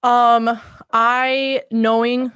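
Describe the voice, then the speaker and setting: A woman's voice: a little high, flat delivery, extremely slow, a bit bright, clear, resonant tone, no echo. Chatty woman podcast co-host, dry mic. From Miami area. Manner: chatty, lots of fillers like "you know" and "like". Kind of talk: casual chat.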